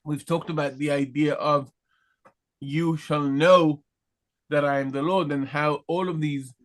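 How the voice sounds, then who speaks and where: A man leads a grammar lesson at an unhurried, deliberate pace, stopping often to check that students follow. His voice sits on the higher side for a man, and he pauses and restarts as he searches for words. He speaks like a patient teacher guiding a class. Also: fairly even intonation. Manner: patient, frequent "okay?" check-ins, questions to students. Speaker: Hebrew teacher. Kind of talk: live online class, explaining grammar.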